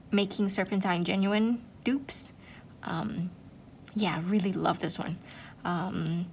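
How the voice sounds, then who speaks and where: A woman's voice: mid-range voice, a little hiss or hum. Gushing, chatty woman vlogger. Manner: chatty, gushing, many "like" and "um" fillers. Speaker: art channel host. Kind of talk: casual vlog chat.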